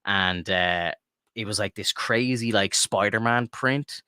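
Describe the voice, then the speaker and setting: A man's voice: on the low side, slow, bright, forceful tone, smooth, no room sound, clean studio sound. An Irish man co-hosting a podcast, telling rambling stories from his home room and swearing freely in casual chat. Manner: rambling storyteller, swears freely, says "like" a lot. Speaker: podcast co-host.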